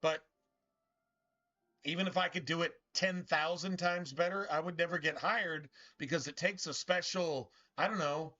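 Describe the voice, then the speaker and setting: A man's voice: on the high side, sharp tone, lo-fi sound. A man streaming a game, ranting bitterly and with lots of swearing, stumbling over restarts as he talks. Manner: profane, bitter, rambling with many restarts. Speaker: gaming streamer. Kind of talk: casual ranting commentary over gameplay.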